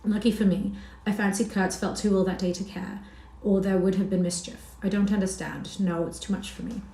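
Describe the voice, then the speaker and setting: A woman's voice: mid-range voice, steady tone, brisk, mellow, natural voice. A woman voicing a nervous rambling wanderer. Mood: worried. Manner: anxious rambling. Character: nervous ragged young male wanderer. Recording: roomy echo.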